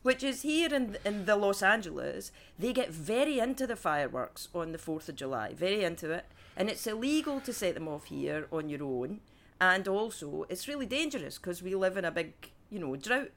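A woman's voice: on the low side, sing-song, normal speed. A woman on a comedy podcast panel, ranting with incredulous exclamations.

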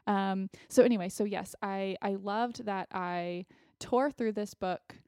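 Woman podcast co-host, enthusiastic, gushing, mid-pitched voice, dry sound. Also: steady tone, measured pace, darkish tone, smooth, no echo. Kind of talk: casual book club chat.

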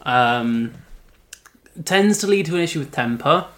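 A man's voice: mid-range voice, expressive, a bit bright. A man with a Welsh accent, co-hosting a podcast in casual, teasing chat. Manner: sarcastic, joking, quick to tease. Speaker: podcast co-host.

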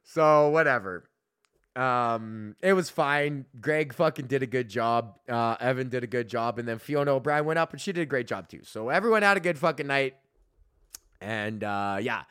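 A man hosting a podcast, telling a profane, animated story in a casual rant, often laughing. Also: medium pitch, normal speed, smooth, dry recording, clean studio sound. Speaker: podcast host. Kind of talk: casual ranting monologue.

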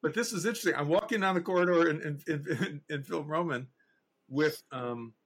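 A man's voice: a little high, brisk, husky. A man, a guest animator and director, telling stories in a casual interview and acting out the voices of the people he quotes. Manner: animated anecdote teller, acts out quoted voices.

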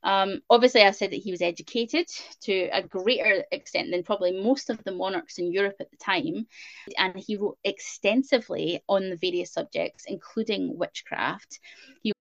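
A woman's voice: mid-range voice, moderate pace, a bit bright, dry recording, muffled recording. A woman with a Scottish accent co-hosting a casual history podcast, chatty with lots of filler words. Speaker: podcast co-host.

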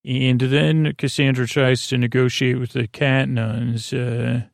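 A man hosting a podcast, recapping a TV episode as a meandering bedtime story, halting often with filler pauses. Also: medium pitch, flat delivery, vocal fry, no echo, studio quality. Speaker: podcast host.

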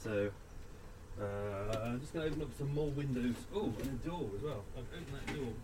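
A man's voice: mid-range voice, a little fast, very noisy. A middle-aged man hosting a podcast at home, tired and chatting in a rambling, self-correcting way. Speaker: podcast host. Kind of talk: casual chat. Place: at home indoors.

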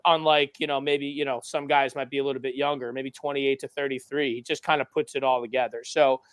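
A man's voice: mid-range voice, level tone, brisk, dry recording. A man appearing as a guest coach on a podcast, speaking frankly and candidly in casual chat.

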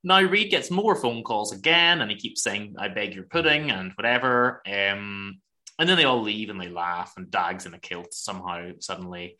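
Bright-voiced man recapping with laughs. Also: on the low side, moderate pace. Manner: laughs often while retelling scenes. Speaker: podcast co-host. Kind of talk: casual chat recapping a TV episode.

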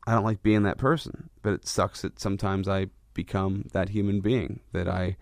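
A man's voice: low-pitched, fairly even intonation, normal speed, gravelly, no room sound, clean studio sound. A man hosting a podcast, talking candidly and self-reflectively about his own frustrations, with a rambling delivery full of restarts. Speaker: podcast host. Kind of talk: candid personal monologue.

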